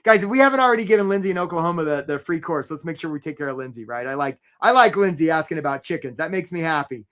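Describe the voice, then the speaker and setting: A man hosting a live career webinar, chatty and energetic, tagging his points with "right?" and calling out attendees by name. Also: a little high, racing. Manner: chatty, rhetorical "right?" tags, shout-outs to attendees.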